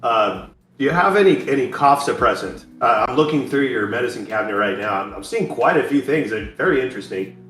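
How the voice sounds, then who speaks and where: A man calling in as a co-host, joking in a deadpan, playful way. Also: mid-range voice, a little fast, hardly any pauses, echoey room. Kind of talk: joking banter.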